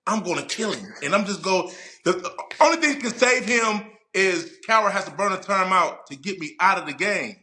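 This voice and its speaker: A man in his forties, a podcast guest and former player and coach, telling stories in a loud, profane, emphatic way. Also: sits high, normal speed. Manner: animated, profane, emphatic storyteller. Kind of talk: casual podcast chat.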